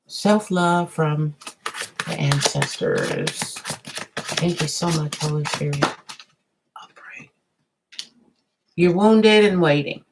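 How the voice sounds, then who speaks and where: A woman with a notably low voice gives a live tarot reading to her viewers. She talks in a chatty, drawn-out way, wandering into asides as she turns each card. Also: very animated, very noisy. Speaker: tarot reader.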